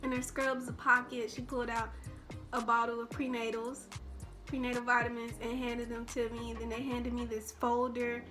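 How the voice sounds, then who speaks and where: A young woman telling a personal story in a casual storytime vlog, rambling and full of restarts. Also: a little high. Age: young adult. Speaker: vlogger.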